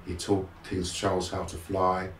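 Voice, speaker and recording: Recorded far from the mic in an echoey room, with a little hiss or hum, a middle-aged man talks in a low voice at a measured pace. This guest motivational speaker frankly recounts his life in a streetwise manner, animated when re-enacting scenes.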